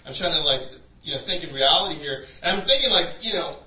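A man's voice: a little high, animated, fast talker, bright, forceful tone. A man preaching a sermon through a personal story, in a loose conversational way full of "you know". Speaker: pastor. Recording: echoey room, voice from a distance.

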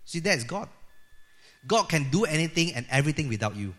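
A middle-aged man preaching a sermon as a pastor, lively and acting out the voices he quotes. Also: a little high, fairly quick. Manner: lively, acts out quoted voices of God and people.

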